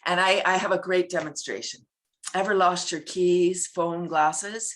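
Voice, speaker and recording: A middle-aged woman, a laughter club founder and guest, chatting casually in an animated way, acting out little scenes and breaking into laughter. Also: a little slow. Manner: animated, acts out scenes with sudden high-pitched voices and bursts of laughter. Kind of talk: casual interview chat.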